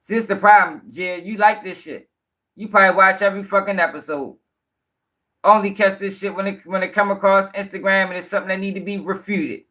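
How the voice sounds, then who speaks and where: A man's voice: high voice, steady tone, fairly quick, bright, forceful tone. A man hosting a livestream commentary show, talking bluntly and profanely and firing back directly at viewers in the chat.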